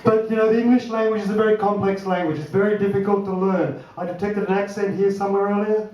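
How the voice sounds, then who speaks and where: A man's voice: high voice, flat delivery, a little mellow, recorded from a distance, muffled recording, a little hiss or hum. An older Australian man doing a wry, swearing stand-up comedy set on a club stage. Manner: wry, swearing, does quick voices for others. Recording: roomy club sound from afar, audience.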